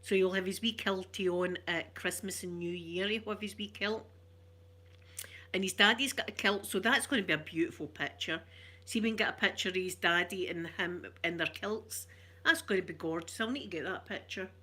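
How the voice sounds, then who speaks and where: Middle-aged Glaswegian woman, ASMR stream host, soft rambling chat, bright voice. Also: on the low side, moderate pace. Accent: Glaswegian Scottish. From Glasgow, Scotland. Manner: soft-spoken, rambling, warm chatter with viewers. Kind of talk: chatty ASMR livestream.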